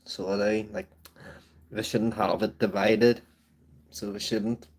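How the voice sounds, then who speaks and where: A man's voice: on the low side, little pitch movement, takes it slowly, a little mellow. A man with a Belfast accent hosting a casual live-stream chat from home, rambling along with tags like "so it is". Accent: Belfast, Northern Irish. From Northern Ireland. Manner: rambling and chatty, with tag phrases like "so it is". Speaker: livestream host.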